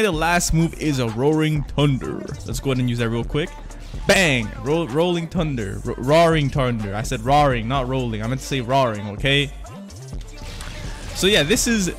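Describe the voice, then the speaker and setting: A man's voice: mid-range voice, fairly bright tone. Hyped young man narrating gameplay. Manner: slangy, hyped, self-correcting gamer talk. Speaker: gaming channel host. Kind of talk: casual gameplay commentary.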